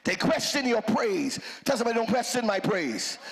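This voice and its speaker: A male pastor preaching a rousing call-and-response sermon, breaking into shouts and playful asides. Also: high voice, sing-song, moderate pace, vocal fry, crowd noise, noisy background. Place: church sanctuary.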